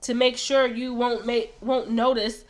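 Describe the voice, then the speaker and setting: A woman reading the lines of a nervous young man confessing his feelings in a game, earnest and halting. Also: on the high side, level tone, lightly acted. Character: nervous young man confessing love, prickly but shy.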